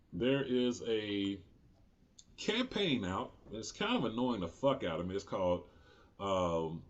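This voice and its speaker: A man's voice: lowish voice, lo-fi sound. A man in his forties hosting his own political commentary show, talking unscripted, heated and profane, often rising into indignant outbursts. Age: 40s.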